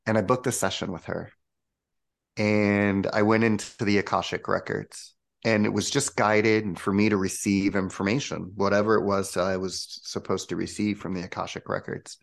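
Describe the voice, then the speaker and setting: A man with a low, gravelly voice tells his story in a relaxed interview. He is a spiritual coach, animated and chatty, and he acts out the voices of the people he quotes. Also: moderate pace. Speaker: guest, spiritual coach and channel.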